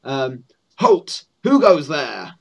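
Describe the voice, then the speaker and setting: A man's voice: mid-range voice, big pitch swings, very slow, creaky, faint music behind, heavily acted, low-quality recording. A man voicing a male goblin guard who speaks in stiff, mock-archaic phrases and stumbles over his words. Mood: pompous. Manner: mock-archaic, stammering and formal.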